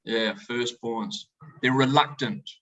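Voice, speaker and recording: Bright-voiced joking winemaker. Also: male voice, medium pitch, slow, dull audio. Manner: animated, joking storyteller. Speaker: winemaker presenting a tasting. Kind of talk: storytelling talk to a tasting audience. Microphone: video call presentation.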